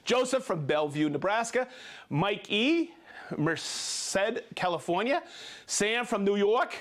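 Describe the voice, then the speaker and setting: A man's voice: high-pitched, very animated, slow pace, fairly bright tone. A man hosting a livestream, cheerfully reading out viewers' names and hometowns and sometimes stumbling over how to say them. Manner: upbeat, rattles off names and places, stumbles on pronunciations. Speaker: livestream host. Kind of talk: reading out viewer shout-outs.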